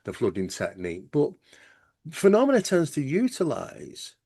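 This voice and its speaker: Man hosting, lively and explanatory. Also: a little high, moderate pace, husky, dry recording, clean studio sound. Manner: conversational, explanatory, heavy use of "you know". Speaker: host. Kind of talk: casual podcast conversation.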